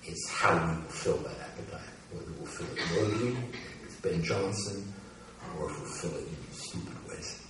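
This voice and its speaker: A man in his seventies, from the United States, speaks in a very low voice to an audience. He talks casually with plenty of "uh" pauses, then settles into a slow, deliberate cadence for his poems. The sound is distant and washed in the heavy echo of a large hall. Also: noisy background. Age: 70s. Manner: conversational with frequent "uh" pauses, slow and measured when reading poems. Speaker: poet giving a reading. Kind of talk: public talk and poetry reading. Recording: very echoey hall, voice from far off.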